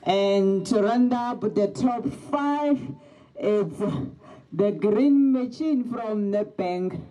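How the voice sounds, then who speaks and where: Man, race commentator, very high voice, unhurried delivery, reads out places and clubs. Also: dark tone, dull audio. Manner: calls out positions and clubs in turn.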